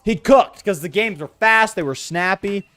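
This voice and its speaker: A man's voice: high-pitched, normal speed, fairly bright tone, no room sound, faint music behind. A man streaming a video game, giving casual, sarcastic, joking commentary as he plays. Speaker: let's play streamer.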